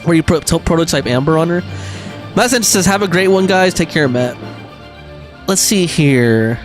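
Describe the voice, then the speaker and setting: A man's voice: on the high side, normal speed, faint music behind. A man streaming a game, chatting casually and reading viewer messages aloud, with frequent laughs and fillers. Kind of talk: casual gaming livestream chat.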